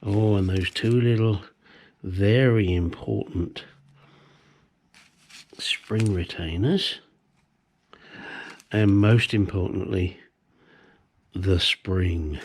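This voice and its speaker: A man's voice: sits low, extremely slow, pauses often, darkish tone, breathy edge. A man demonstrating a hands-on repair at his workbench, rambling with cheeky self-deprecating asides. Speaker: home mechanic presenter.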